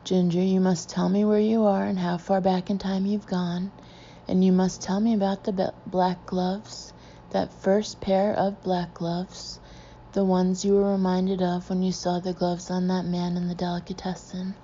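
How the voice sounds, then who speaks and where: A stern, insistent male hypnotist, as a woman narrator voices him, coaxing and then commanding in a low, mellow tone. The audiobook recording is dull and lo-fi, with a faint hiss. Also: flat delivery, a little slow. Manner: soothing then stern and demanding.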